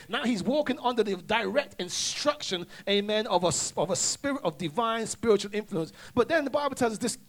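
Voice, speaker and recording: A male preacher delivering a sermon, calling for responses and often restarting his sentences. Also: high-pitched. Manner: call-and-response, stammering restarts.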